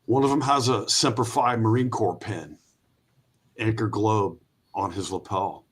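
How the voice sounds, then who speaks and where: Man, veteran guest, lively storyteller, acts out voices, casual podcast chat. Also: on the low side, measured pace, slightly rough. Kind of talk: storytelling anecdote.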